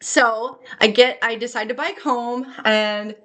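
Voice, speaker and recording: A young adult woman talking in an excitable, rambling way in a personal vlog, laughing and tearing up at times. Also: on the high side, slow. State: tearful at times. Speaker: spiritual vlogger.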